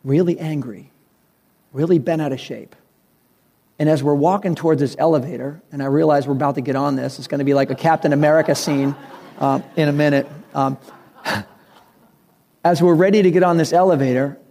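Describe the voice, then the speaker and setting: Male pastor, mellow and fairly high voice, chatty sermon that acts out little scenes. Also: fairly even intonation, moderate pace, creaky, long pauses. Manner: conversational, acts out dialogue in his stories. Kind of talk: sermon with personal story.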